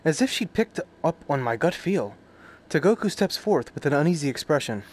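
Streaming a game at a normal speed, this man has a slightly high, very animated voice. He reads out the subtitles while cracking crude jokes, cursing frequently, and reacting at full volume.

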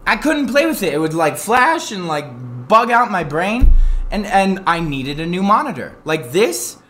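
Male streamer, incensed rant, profane, bright edgy tone, faint noise underneath. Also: high-pitched, moderate pace. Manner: animated, profane, prone to loud outbursts; incensed storytelling with self-mocking asides.

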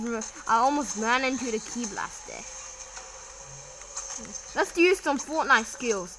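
A child commenting casually on a game while playing, excitable and quick to repeat short exclamations and slang. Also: medium pitch, slight background noise, rough recording. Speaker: gamer.

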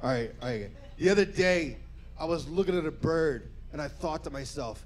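A male stand-up comedian with an energetic, profane delivery, doing a set for a live audience and slipping into quick character voices. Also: on the high side, slight background noise.

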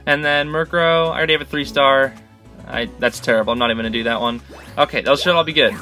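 A man giving let's-play commentary on a game he is playing, excitable and chatty, coaxing the creatures on screen. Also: mid-range voice, quick pace, soft background music. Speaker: gaming channel host.

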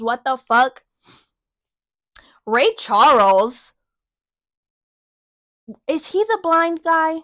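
A young woman in her twenties hosting a podcast, telling a work story in a sassy, profane, animated way. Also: fairly high pitch, no room sound, clean studio sound. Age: young adult. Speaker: podcast host. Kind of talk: casual storytelling rant.

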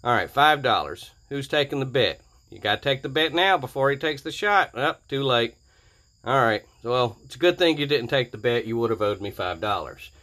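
A man's voice: mid-range voice, expressive, normal speed, a bit bright. A man hosting his own gaming channel, giving casual, jokey commentary over gameplay that rambles and corrects itself.

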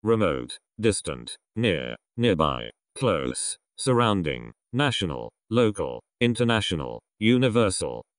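Male reader, very low voice, slow word-by-word delivery, dry close sound. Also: big pitch swings, no echo. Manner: slow, word-by-word list reading with rising pitch on some words. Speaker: vocabulary reader. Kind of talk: reading vocabulary list aloud.

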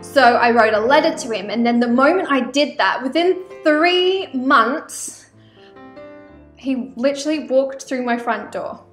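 A chatty Australian woman with a high, bright voice rambles through an oracle card reading for her vlog, full of "um" and "like" asides. She sounds like she is in an echoey room, and soft music plays faintly behind her. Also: unhurried. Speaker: spiritual vlogger reading oracle cards.

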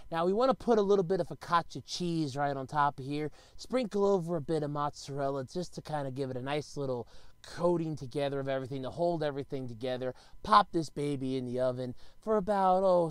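A man voicing a gentle, soft-spoken male TV host who calmly walks through making a pizza step by step. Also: mid-range voice, smooth, dry recording, voice pushed down, lightly acted. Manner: slow, hushed, soothing step-by-step instructions. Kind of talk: parody impression.

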